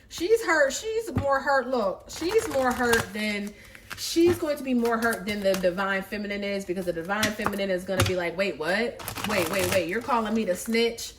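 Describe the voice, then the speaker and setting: Sex: female. Role: tarot reader. Style: casual, gossipy tarot reading. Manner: dramatic, profane, swings from loud to hushed. Pitch: mid. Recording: noisy, with clicks.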